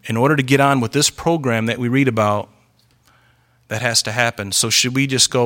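Male pastor, middle-aged, bright tone, emphatic sermon, rhetorical questions. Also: mid-range voice, steady tone, normal speed.

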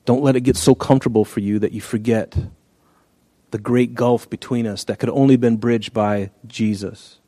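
A man's voice: mid-range voice, fairly even intonation, moderate pace, dark tone, no echo. A man preaching a sermon in an earnest, conversational way, reading scripture and often restarting phrases. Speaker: pastor.

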